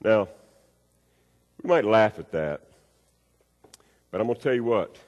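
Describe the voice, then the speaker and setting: A man preaching a sermon, acting out a story with swings between loud and hushed delivery. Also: animated, a little slow, lo-fi sound. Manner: storytelling with acted-out voices, wide swings in pitch and loudness. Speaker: pastor. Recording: long reverb of a hall.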